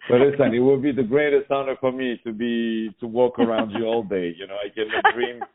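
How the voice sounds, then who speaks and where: A man's voice: mid-range voice, fairly even intonation, fairly quick, phone-quality sound, heavy background noise. Effusive male radio host. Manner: effusive, theatrical. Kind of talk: radio interview.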